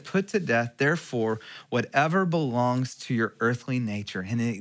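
A middle-aged man preaching a sermon as pastor, telling a personal story, dropping to a hush and then rising again. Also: medium pitch. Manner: storytelling with swings between hushed and raised passages.

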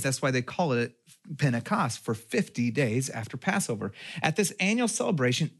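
A pastor from Texas, giving a sermon in a conversational way and asking questions of his listeners. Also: fairly high pitch. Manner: conversational preaching with rhetorical questions.

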